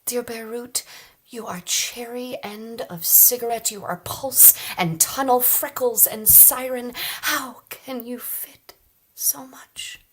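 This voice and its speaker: A woman at an open mic reading poems aloud in a soft, measured way, dropping into hushed, whispered phrases. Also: fairly high pitch. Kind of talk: poetry reading.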